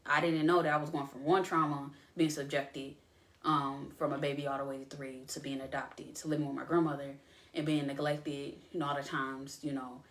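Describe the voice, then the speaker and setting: Woman host, low-pitched, halting emotional storytelling, roomy echo. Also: level tone. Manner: emotional, halting, with many restarts and fillers. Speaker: podcast host. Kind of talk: personal storytelling monologue.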